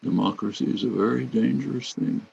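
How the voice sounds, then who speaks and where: Older man, very gravelly and husky. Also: on the low side, fairly quick, darkish tone, dull audio. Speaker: guest commentator. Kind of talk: lecture-like reflection.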